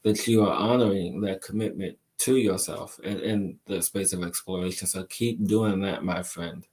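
A man hosting a spiritual live show who answers viewers' questions, speaking slowly and deliberately, stacking repeated phrases for emphasis and calling listeners "my dear.". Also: low-pitched, fairly even intonation, darkish tone. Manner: affectionate, addresses listeners as my dear and my friend. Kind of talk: live-stream chat reading viewer questions.

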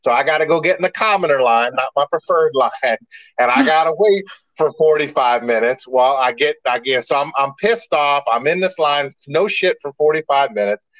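A man's voice: on the high side, normal speed, a bit bright, no room sound, rough recording. A man co-hosting a podcast in casual chat, a rambling storyteller who restarts often and swears mildly. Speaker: podcast co-host.

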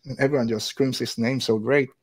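A man's voice: mid-range voice, steady tone, a little fast. Rambling man in a casual chat. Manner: rambling, full of hedges.

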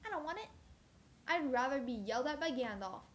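A young woman in a casual chat, animated and playfully indignant. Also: high-pitched, a little fast.

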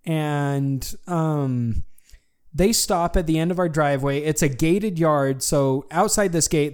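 A young man casually telling a long story to a friend, animated and full of fillers. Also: a little high, clear, resonant tone. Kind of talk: casual chat.

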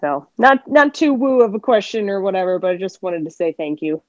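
A woman's voice: medium pitch, lively intonation, fairly quick. A woman calling in to a podcast, talking candidly and rambling a little, with some swearing. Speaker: caller. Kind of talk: casual chat. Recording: dull dry call audio.

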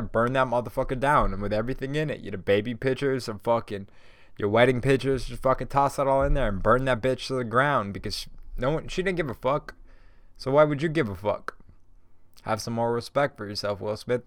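A man's voice: medium pitch, no echo, clean studio sound. A stoned man hosting a podcast, ranting on his own in a profane, rambling way. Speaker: podcast host. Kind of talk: casual solo rant.

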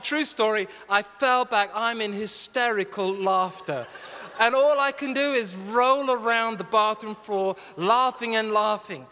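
A man preaching a humorous, story-driven sermon, self-mocking and animated, then earnest and urgent. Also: very high-pitched. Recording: long reverb of a large hall.

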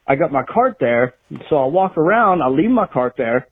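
A man rants on a tinny phone voicemail, swearing freely as he vents a grievance. His voice is husky and sits a little high for a man. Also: sing-song, normal speed. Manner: angry, profane rant. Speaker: voicemail caller. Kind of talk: ranting voicemail.

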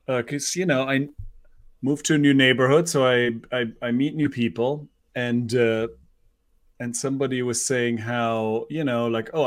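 A man co-hosting a podcast in casual chat, easygoing, with short replies and wry asides. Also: mid-range voice. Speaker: podcast co-host.

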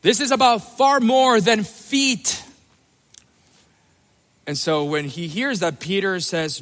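High-voiced male pastor preaching in a hall. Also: unhurried. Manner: emphatic, animated preaching with playful asides. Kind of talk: sermon.

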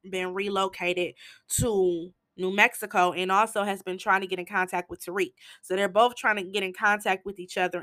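A woman casually recapping a TV episode, telling it in an animated, slangy way. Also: medium pitch, dry recording. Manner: animated storytelling with slangy asides.

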